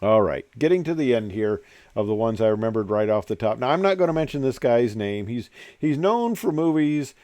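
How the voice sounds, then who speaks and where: A man's voice: mid-range voice, expressive, brisk, dark tone, no room sound. An older man, a retired airline pilot, telling stories in a casual, rambling way with many fillers and dry jokes. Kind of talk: casual storytelling.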